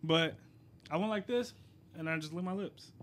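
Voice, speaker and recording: A man's voice: on the high side, moderate pace, fairly bright tone. A young man co-hosting a podcast, joking around in casual chat and easily amused. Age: young adult. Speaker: podcast co-host.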